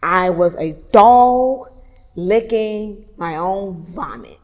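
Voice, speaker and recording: A woman, candidly telling a personal story, moving from hushed tones to loud animated retelling. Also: mid-range voice, drawn-out words. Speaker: photographer telling her story. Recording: long reverb, roomy hall sound.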